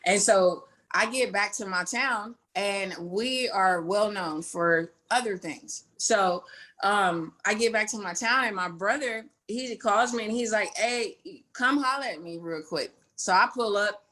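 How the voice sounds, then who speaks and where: Here's a young Indiana woman being interviewed, her mid-range voice pushed and bright. She tells her story with candor, peppering it with profanity, fillers, and fast little tangents.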